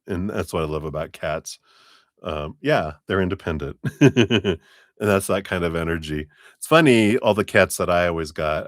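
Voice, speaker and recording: A man with a very low voice gives a relaxed, chatty live tarot reading. He laughs often and slips into playful quoted voices. The sound is dry and close. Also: no echo. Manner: chatty, laughs often, speaks warmly to viewers. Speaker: tarot reader.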